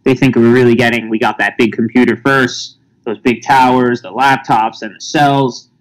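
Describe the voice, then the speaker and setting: A man's voice: medium pitch, fairly even intonation, moderate pace, poor audio. A man in casual podcast chat, talking in an emphatic, insistent way. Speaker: podcast guest.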